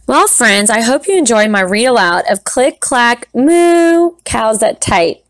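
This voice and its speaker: A woman teacher reading a picture book aloud to young students in a gentle, encouraging way. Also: on the high side, big pitch swings, measured pace, few pauses. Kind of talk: children's read-aloud. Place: classroom recording setup.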